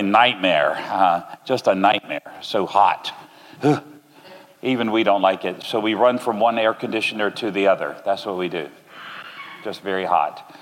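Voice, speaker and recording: Joking American preacher in a hall. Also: male voice, on the low side. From Orlando, Florida. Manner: relaxed and joking, with slow deliberate delivery. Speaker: guest preacher. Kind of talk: sermon. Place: church. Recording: reverberant church hall.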